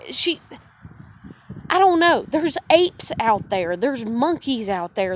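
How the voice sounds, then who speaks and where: A woman rants straight to camera, angry and heavy with swearing. Her voice sits a little high. A faint hiss runs under her talk in a living room at home. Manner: angry, profane ranting. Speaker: vlogger. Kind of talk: casual venting monologue.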